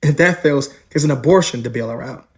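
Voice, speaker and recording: A man's voice: medium pitch, fast talker. A man hosting a podcast, delivering blunt, mocking commentary in a scripted way. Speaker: podcast host.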